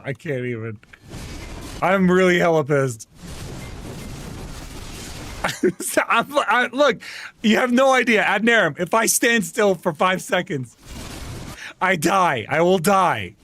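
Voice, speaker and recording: A man on a live gaming stream with a high voice that leaps all over the place. He rants and yells at his game and his chat in frustration, over a faint steady hum. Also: slow, long pauses. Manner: exasperated, ranting, yelling in frustration. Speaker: vtuber streamer.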